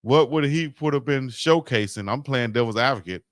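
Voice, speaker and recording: A man hosting a live stream, chatting casually about sports with lively, playful arguing. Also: mid-range voice, moderate pace, no room sound, studio quality.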